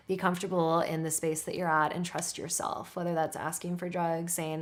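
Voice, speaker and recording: A woman's voice: lowish voice, flat delivery, normal speed. A woman talking casually and reassuringly about labor, often saying "like" as she coaches expectant mothers. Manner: encouraging, reassuring, says "like" a lot. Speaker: childbirth educator. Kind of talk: casual advice chat.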